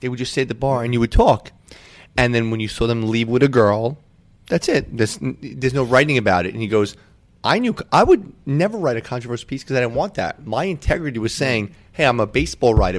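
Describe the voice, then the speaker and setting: A male podcast host with an ordinary middle pitch chats casually. He rambles eagerly and strings his thoughts together with "like" and quick asides. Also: animated. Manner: enthusiastic, rambling. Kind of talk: casual chat.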